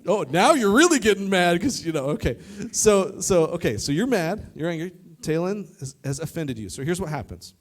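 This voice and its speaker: A man preaching a youth sermon to a live audience, lively and joking, talking straight to the crowd. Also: high voice, normal speed, hardly any pauses. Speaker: youth pastor. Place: church youth service in front of an audience.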